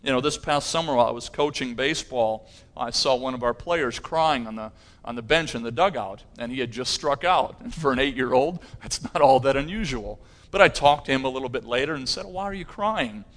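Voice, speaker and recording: A man's voice: mid-range voice, a little fast, a bit bright. Earnest man preaching a sermon. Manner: earnest preaching, rising in intensity on key phrases. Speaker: pastor.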